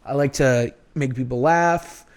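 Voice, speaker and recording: A man with a Boston accent, a podcast guest telling stories in an animated, laughing way. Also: mid-range voice, unhurried. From North Shore of Massachusetts. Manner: animated storyteller, laughs easily. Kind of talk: casual chat.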